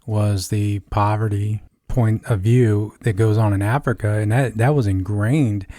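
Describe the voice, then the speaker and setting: A man co-hosting a podcast, speaking candidly and quickly in casual conversation. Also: lowish voice, steady tone, warm tone, no room sound, clean studio sound.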